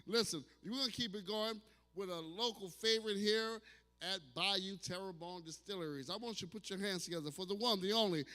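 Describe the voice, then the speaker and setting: A loud man emceeing a bar comedy night, his voice sharp and forceful with a high pitch. He works the crowd with profane, hyped banter. The sound rings in a reverberant hall. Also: a little fast. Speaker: emcee of a comedy open mic. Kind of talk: stand-up hosting banter.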